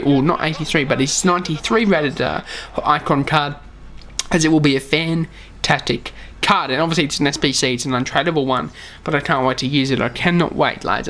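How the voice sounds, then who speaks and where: Against slight background noise, a tired young man with a fairly high, somewhat bright voice talks over his own game footage. A gaming YouTuber, he calls every play to his "lads," using the word often.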